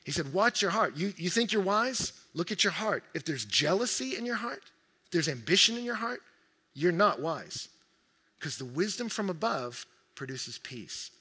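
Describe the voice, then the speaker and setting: A man preaching a sermon as a pastor, animated, slipping into quoted voices and jokes. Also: high voice, moderate pace, husky. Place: large church hall. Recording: hall reverb.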